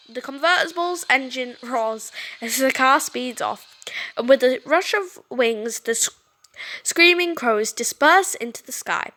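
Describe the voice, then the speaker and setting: A woman reading a story game aloud, animated and stumbling over words now and then. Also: a little high, moderate pace. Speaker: game streamer.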